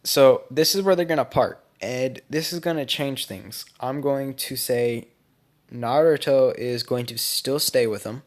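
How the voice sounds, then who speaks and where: A man's voice: mid-range voice, unhurried. Young guy telling a what-if fan story, rambly, keeps correcting himself. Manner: rambling, speculative, self-correcting. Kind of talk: casual fan-fiction narration.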